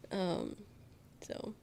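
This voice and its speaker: A young woman streaming, chatting casually with viewers, giggling and swearing now and then, with a slight tickle in her throat. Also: a little mellow. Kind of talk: casual live-stream chat.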